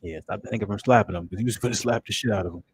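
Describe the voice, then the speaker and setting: Talking very fast in a lowish voice, a man hosts a relaxed movie reaction, full of enthusiasm and addressing his audience directly. The recording is low quality, with a bit of background noise.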